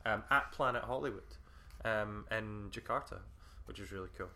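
A man's voice: lowish voice, normal speed, sharp tone. A man with a cold co-hosting a podcast, telling rambling stories full of ums. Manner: rambling storyteller with many ums. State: has a cold. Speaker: podcast co-host. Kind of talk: casual chat.

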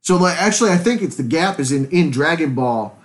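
A man co-hosting a casual podcast chat, animated and laughing often. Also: on the high side, brisk. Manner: animated, laughs often, quotes scenes in put-on voices. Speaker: podcast co-host.

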